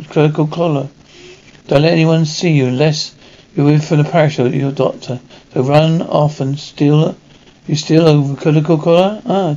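A fatherly old priest, as a man puts him on, gentle and unhurried in tone. The voice is gravelly and slightly high, on a dull lo-fi recording. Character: old male priest mentoring an orphan.

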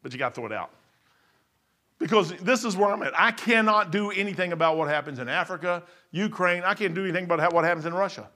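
A man's voice: high voice, fast, pushed and bright. A man preaching an informal sermon in an emphatic, conversational way, often repeating and restarting his words.

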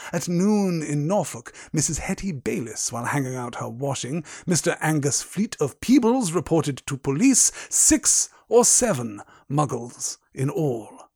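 Man reads as a snide, icy schoolmaster from a storybook. Quiet, slow, threatening lines in a raised, dry voice. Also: a little high, vocal fry, husky, no echo, heavily acted. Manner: soft, slow, menacing delivery. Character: cold, sneering male schoolmaster.

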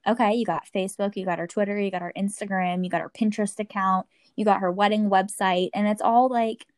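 A woman in casual chat, playful and quick to laugh. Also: mid-range voice, a little mellow, no echo.

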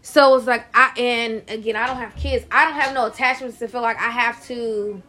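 A woman's voice: on the high side, steady tone, moderate pace, sharp tone. A woman co-hosting a podcast, speaking bluntly and frankly in casual chat. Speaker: podcast co-host.

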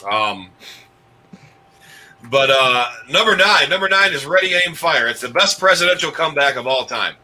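A man's voice: a little high, expressive, moderate pace, bright, forceful tone, low-quality recording. A man hosting a comedy countdown show, rambling with restarts and chuckling at his own jokes. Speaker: host.

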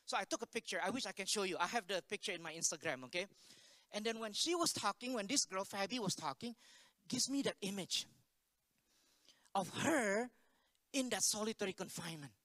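Male pastor, chatty storytelling sermon, bright tone, dry close sound. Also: high voice, expressive, brisk, no echo. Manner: conversational, asks the congregation questions. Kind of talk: unscripted sermon told as a story.

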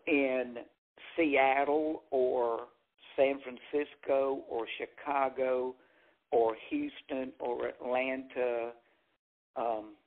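Southern stand-up comedian, phone-like sound. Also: male voice, mid-range voice. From Jackson, Mississippi. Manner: animated storyteller acting out quotes. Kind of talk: storytelling interview.

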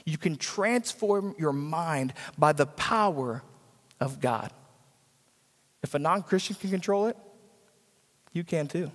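A pastor delivers a sermon in a church sanctuary, his fairly high voice moving with lively intonation at a slow pace broken by frequent pauses. He hammers his points through repetition and acts out the people he quotes, and the recording carries the reverb of a church hall.

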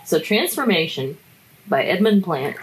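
A woman recaps a book in a relaxed, chatty way, drawling her words slowly in a low register. She is wry and laughs often at her own asides. Faint running water murmurs in the background. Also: background noise. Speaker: book reviewer. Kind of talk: casual book review chat.

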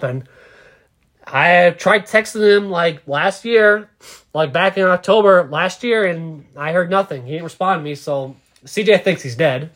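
Young man, high voice, rambling, swears a lot, casual podcast chat. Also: measured pace, fairly bright tone. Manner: rambling, profane, trails off. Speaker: podcast co-host.

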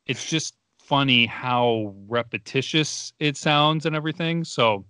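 A man's voice: medium pitch, measured pace, sharp tone, clean tone, dry recording. A young man casually reviewing a movie in a rambling, laid-back way, laughing as he goes. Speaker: podcast co-host.

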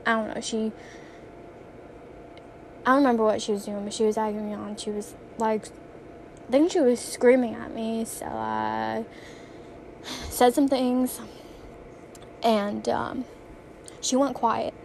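A woman's voice: fairly high pitch, steady tone, a little slow, vocal fry, pauses often, darkish tone, slight background noise. A young woman vlogging casually, rambling through funny stories and laughing often as she talks. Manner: giggly, rambling, laughs often mid-story. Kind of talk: casual storytelling vlog.

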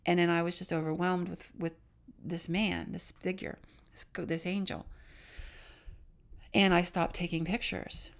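A middle-aged woman co-hosting a podcast, telling a personal story in an earnest manner that sometimes drops to a hush. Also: lowish voice, little pitch movement, unhurried, long pauses. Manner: earnest, hushed drops into whispers at tense moments. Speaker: podcast co-host.

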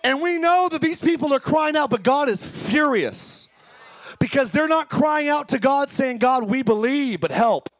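A male pastor preaching an impassioned sermon that swings between fast talk, slow drawn-out words and shouting. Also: extremely high pitch, no room sound. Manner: impassioned preaching, often shouting, sudden speed changes. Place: church service.

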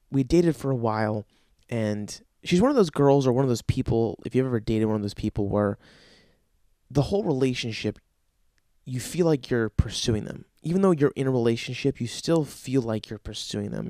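A man's voice: mid-range voice, warm tone, dry recording, clean studio sound. A young man telling a rambling, profane comic story about his own life. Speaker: comedian.

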